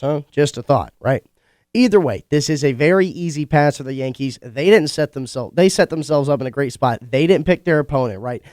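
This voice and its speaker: A young man with a congested, stuffy voice hosts a college radio sports show, talking through the week's games in a chatty, opinionated way with quick asides. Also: mid-range voice, darkish tone, smooth, dry recording, clean studio sound. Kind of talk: casual sports talk monologue. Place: studio.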